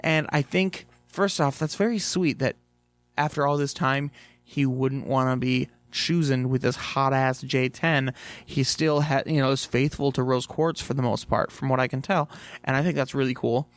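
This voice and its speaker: A man's voice: medium pitch, fairly even intonation, moderate pace, no echo. A young man casually reviewing a TV episode, rambling with lots of fillers and swearing freely.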